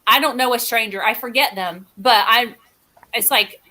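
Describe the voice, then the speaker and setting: A woman's voice: a little high, normal speed, pushed and bright. A woman guest in casual chat who talks in a rambling, chatty and self-mocking way.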